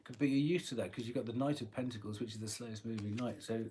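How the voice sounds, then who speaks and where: A man with a husky voice giving a live tarot reading, chatty and rambling, often clearing his throat. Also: mid-range voice, quick pace, a little mellow, slight background noise. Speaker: tarot reader.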